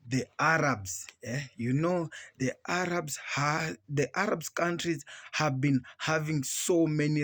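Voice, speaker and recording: Slow, husky man doing reaction commentary. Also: mid-range voice, no room sound. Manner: halting, restarts and repeats words. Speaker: reaction channel host.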